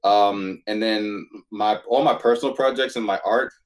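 Low-voiced laid-back male podcast guest. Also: normal speed, low-quality recording. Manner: laid-back, hesitant, many "uh" and "um" fillers. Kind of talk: casual conversation.

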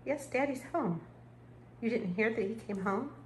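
A woman's voice: on the high side, lively intonation, normal speed, reverberant. A woman filming on her phone at home, talking baby talk to her dogs. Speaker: dog owner filming at home. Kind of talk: home video chatter. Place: home at night. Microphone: phone camera held by the speaker. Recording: noisy home phone video.

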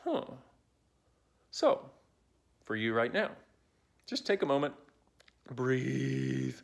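A man in his forties speaks casually into a phone held at arm's length, coaching viewers in a playful, wandering way. His pitch swings widely and freely, and he drifts off on side jokes before circling back. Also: takes it slowly. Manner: animated, playful, digressive. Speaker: self-help speaker. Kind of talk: casual talk to camera.

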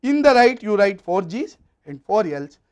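A man's voice: sits high, very animated, normal speed, clear, resonant tone. A man with an Indian English accent giving a university lecture, explaining step by step in a methodical way.

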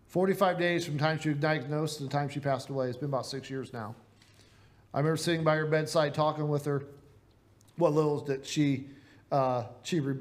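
Earnest and conversational, a fairly high-pitched pastor delivers a church sermon in a Midwestern American accent. He keeps posing rhetorical questions to his congregation.

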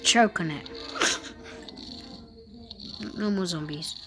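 A woman giving casual gameplay commentary at home, excitable and panicky, repeating words in quick bursts. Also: lowish voice, music in the background.

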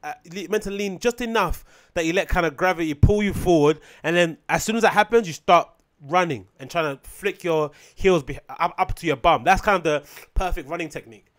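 A man hosting a solo podcast, rambling sarcastically and swearing freely, sometimes mocking others in shrill put-on voices. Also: fairly quick, fairly bright tone. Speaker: podcast host.

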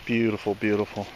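A man's voice: a little mellow, muffled recording, slight background noise. A man vlogging casually outdoors on a walk, playfully cooing and calling to his dog. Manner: playful, coos and calls to his dog in a high voice.

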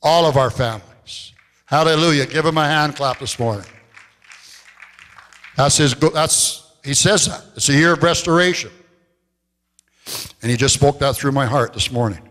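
Telling stories from the pulpit of a church sanctuary, a male pastor uses a fairly bright tone, raising his pitch for quoted voices and slowing down to stress key phrases. The sound carries a long church hall reverb.

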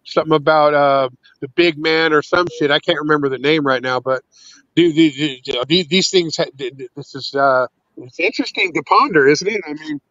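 A man's voice: a little high, a little fast, a bit bright, no echo, dull audio. A man in casual, profane banter on a livestream call, rambling with stammering restarts.

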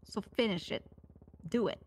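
A woman in casual role-play banter, quiet, sleepy and exasperated. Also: normal speed. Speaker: role-play player character.

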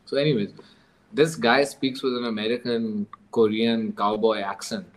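Animated man telling stories. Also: medium pitch, moderate pace, poor audio. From Pakistan. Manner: animated storyteller, mixes in Urdu phrases; laughs while telling grim stories. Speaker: guest author. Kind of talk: storytelling interview.

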